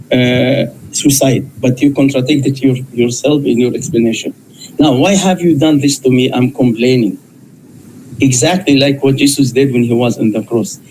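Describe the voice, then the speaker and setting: Guy debating, keeps repeating his question, darkish mellow tone, faint hiss behind. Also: medium pitch, poor audio. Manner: insistent, repeats questions to press a point. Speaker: Muslim debater. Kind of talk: live online debate.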